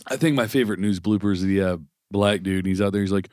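A man's voice: lowish voice, fast talker, a little mellow, no room sound, studio quality. A man co-hosting a podcast in casual chat, swearing and laughing as he tells stories. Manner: profane, laughing storyteller. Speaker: podcast co-host.

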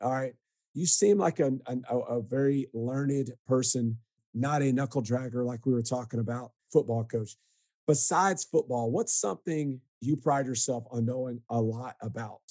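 A man's voice: mid-range voice, normal speed, warm tone, dry recording, studio quality. A man hosting a casual podcast, talking in an easygoing way that stalls and restarts. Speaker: podcast host.

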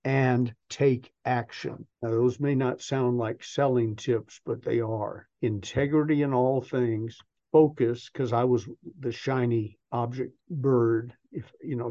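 A man's voice: medium pitch, dark tone, no room sound, muffled recording. Older man telling folksy sales stories. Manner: folksy anecdotal storyteller. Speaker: sales trainer guest. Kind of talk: storytelling interview.

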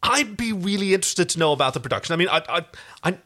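A man's voice: sits high, expressive, fast, pushed and bright. A man co-hosting a podcast, reading a novel aloud and chatting in loose, self-interrupting asides. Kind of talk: book reading and casual chat.

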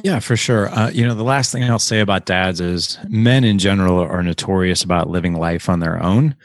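Earnest man, low voice, dry mic. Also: fairly even intonation, fairly quick, no echo. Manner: earnest, emphatic, quotes imagined dialogue. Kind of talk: casual podcast talk.

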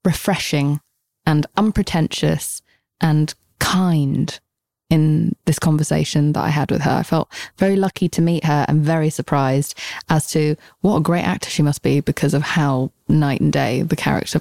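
A woman hosting a podcast, her voice hoarse from a cold, talking in an effusive, enthusiastic way. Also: sits low, steady tone, moderate pace, a little mellow, dry recording, studio quality. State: sick, hoarse voice. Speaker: podcast host. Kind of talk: podcast intro and interview.

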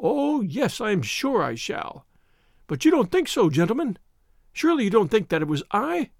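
A man voicing a terrified little man who pleads in a high, querulous voice. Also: sing-song, moderate pace, gravelly, no echo, studio quality, full character voice. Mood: panicked. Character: frantic fearful little man, shrill and pleading.

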